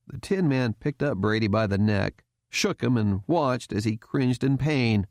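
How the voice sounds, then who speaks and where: A man narrating an audiobook in a steady, even reading voice. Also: lowish voice, unhurried, hardly any pauses, no echo, clean studio sound. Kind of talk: scripted narration.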